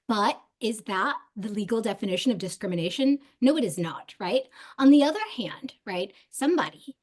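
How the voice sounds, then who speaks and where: A woman speaking as a guest on a webinar panel, animated and emphatic, with many fillers. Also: medium pitch, moderate pace, few pauses.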